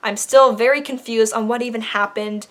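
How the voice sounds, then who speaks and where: A woman's voice: fairly high pitch, steady tone, normal speed, a bit bright. A young adult woman telling a personal story in a casual vlog, chatty, with many fillers and the odd laugh. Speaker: vlogger.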